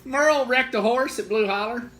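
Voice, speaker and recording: A man's voice: very high-pitched, moderate pace, fairly bright tone. A man, co-hosting a casual livestream and reading viewer comments aloud in a playful way. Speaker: co-host of music duo livestream.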